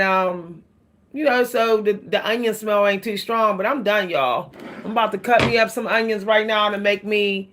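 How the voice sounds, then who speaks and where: A woman with a medium-pitched, slightly bright voice vlogs about hair care, chatting casually to the camera. She laughs often and calls her viewers "y'all."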